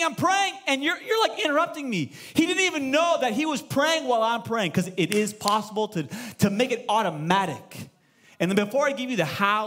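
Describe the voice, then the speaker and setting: A man in his thirties, a pastor giving a sermon in a church and telling stories with acted-out dialogue. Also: fairly high pitch. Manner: animated storytelling, acts out dialogue. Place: church sanctuary.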